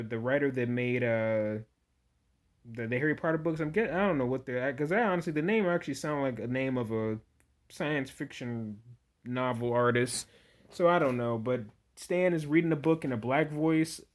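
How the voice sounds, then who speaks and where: Rambling man reviewing a TV episode. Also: medium pitch. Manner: rambling, many "you know" fillers and restarts. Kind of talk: casual spoken review.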